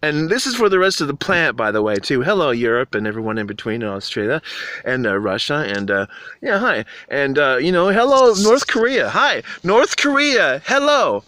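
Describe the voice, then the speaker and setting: A man's voice: medium pitch, big pitch swings, brisk, pushed and bright, dry recording. A man delivering a rambling, earnest monologue to camera, appealing to the world with preachy urgency. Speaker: vlogger.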